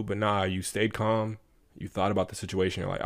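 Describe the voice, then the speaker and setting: A man co-hosting a podcast, chatting casually and telling a fable with a moral in a relaxed way. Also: lowish voice, brisk, dry recording. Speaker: podcast co-host. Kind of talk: casual chat, storytelling.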